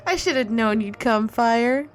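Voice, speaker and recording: A woman's voice: on the high side, voice pushed up. Woman reading Tataru, a timid receptionist. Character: timid young female receptionist, self-doubting and apologetic.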